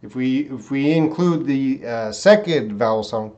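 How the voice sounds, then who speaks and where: A man teaching English pronunciation on a live stream, repeating words slowly syllable by syllable and greeting viewers by name. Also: mid-range voice, lively intonation, a little mellow, dull audio. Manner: drawn-out word repetition, reading viewer names.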